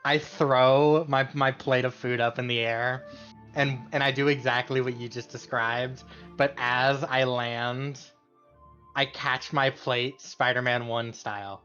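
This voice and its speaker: A man's voice: mid-range voice, steady tone, measured pace, sharp tone, faint music behind. A man playing a tabletop game, eager and chatty. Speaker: player. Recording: dull lo-fi mic.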